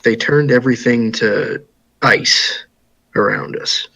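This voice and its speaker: A man telling his part of a tabletop game in character, halting and restarting often. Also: medium pitch, creaky, bright, forceful tone, poor audio. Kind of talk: in-character storytelling.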